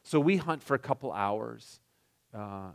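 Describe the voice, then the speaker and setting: A middle-aged man telling a personal story in a casual, halting way, with frequent restarts and filler words. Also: mid-range voice, lively intonation, gravelly.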